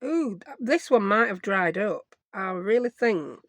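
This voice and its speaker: A woman's voice: medium pitch, lively intonation, a little slow, slight background noise. Rambling woman, craft vlogger, self-mocking home chatter. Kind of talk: casual chat while crafting.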